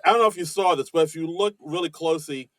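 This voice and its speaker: A man's voice: on the high side, quick pace, a bit bright, no room sound. A man co-hosting a casual chat podcast, recapping in a rambling way with many fillers. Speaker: podcast co-host.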